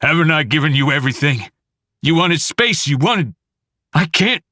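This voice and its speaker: A man's voice: fairly low pitch, lively intonation, measured pace, no echo, studio quality, heavily acted. A man doing a drunk, raging, weeping husband. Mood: wounded rage. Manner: yelling, accusing, choked up.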